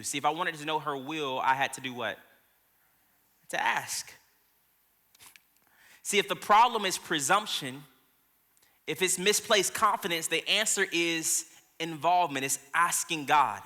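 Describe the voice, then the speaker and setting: A man's voice: sits high, normal speed, long pauses, pushed and bright, in a large hall. A man, a pastor, preaching a sermon in a casual storytelling way with asides to the congregation. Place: church auditorium.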